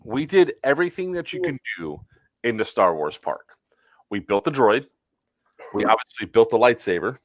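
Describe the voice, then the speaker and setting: A man's voice: medium pitch, big pitch swings, normal speed, no room sound, rough recording. A man co-hosting a casual chat, telling a story with many fillers and acted-out quotes. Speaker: podcast co-host.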